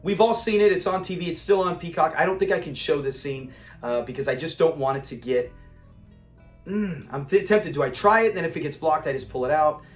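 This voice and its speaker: Animated high-voiced man reviewing a sitcom. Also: a little fast, echoey room, soft background music. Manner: animated, acts out quoted lines, laughs often. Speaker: show reviewer. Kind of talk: casual episode review.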